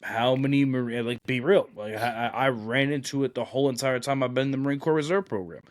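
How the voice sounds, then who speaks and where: In a mid-range voice and at a fast clip, a Brooklyn podcast host who works as a Marine recruiter rambles bluntly through casual stories. "Like" and "you know" crop up constantly, and the studio recording is clean with no echo.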